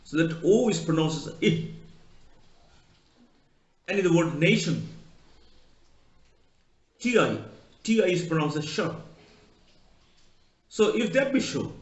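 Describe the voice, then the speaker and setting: Lively lecturing man in an echoey room. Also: a little high. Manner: spells words out letter by letter, tells anecdotes. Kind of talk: recorded college lecture. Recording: echoey room, dull lo-fi sound.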